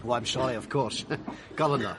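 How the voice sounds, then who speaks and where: An actor playing a fussy, flustered wine merchant in a period crime drama. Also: male voice, medium pitch, normal speed, noisy background, natural voice. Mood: genial. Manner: fussy, flustered, nervous laughs. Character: fussy, genial older male wine merchant.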